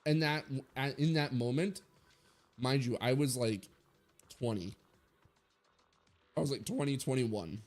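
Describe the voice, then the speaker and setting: A man's voice: mid-range voice, a little slow, pauses often, darkish tone, soft background music. A man in his twenties giving a blunt, rambling opinion rant full of swearing, as a streamer talking to his viewers.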